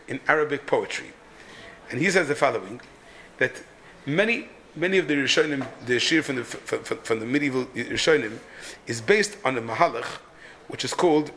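A man's voice: medium pitch, fairly bright tone, slight background noise. A man teaching a text-study class, explaining the meter of a Hebrew poem with frequent restarts and repeated words. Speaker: Torah teacher.

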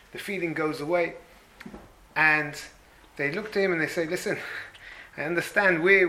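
Earnest rabbi preaching with a high, bright voice. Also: male voice, a little hiss or hum, rough recording. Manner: earnest storytelling with Hebrew terms, swinging between rising emphasis and hushed tones. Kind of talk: Torah class sermon.

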